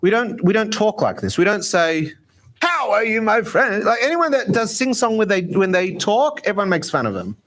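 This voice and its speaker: High-voiced chatty rabbi. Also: male voice, fairly quick, hardly any pauses. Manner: lively, chatty, self-mocking. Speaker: rabbi teaching meditation. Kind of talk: informal talk at a gathering.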